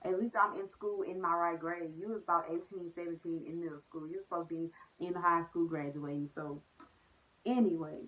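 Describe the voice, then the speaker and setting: A young woman vlogger with a fairly low voice talks briskly in a casual storytime chat, animated and packed with slang and "like"s. The audio sounds narrow, like a phone recording.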